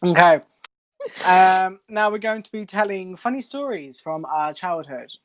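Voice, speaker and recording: A young man, casually telling a funny story as a co-host of a group stream, animated and blunt. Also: sits high, a little slow.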